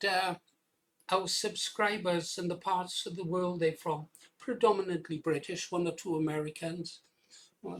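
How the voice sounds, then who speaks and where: Chatty Welsh-born man hosting a channel. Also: a little high. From Wales. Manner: chatty, rambling, chuckles often, urges viewers loudly. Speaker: channel host. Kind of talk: casual commentary on video clips.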